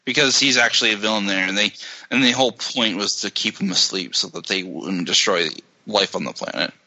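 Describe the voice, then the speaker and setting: Sarcastic man with a bright, sharp voice. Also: lowish voice, low-quality recording. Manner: sarcastic, explains plots quickly. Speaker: podcast co-host. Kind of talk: casual podcast chat.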